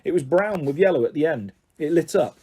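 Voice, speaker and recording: A man reading a children's book aloud in an animated, expressive way. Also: on the high side, a little fast, breathy edge. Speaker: storyteller.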